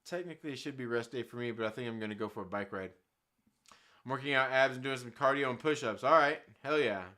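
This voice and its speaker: A man's voice: mid-range voice, fast talker, sharp tone. A young man hosting a casual live stream, reading chat aloud and telling rambling, profane stories with frequent laughter.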